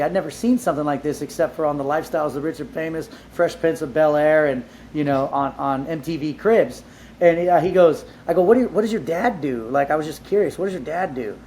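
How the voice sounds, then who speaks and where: A man being interviewed, telling his life story in a casual, animated way, with lots of "like" fillers and casual swearing. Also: a little high, a little hiss or hum. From Southern California. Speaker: entrepreneur guest.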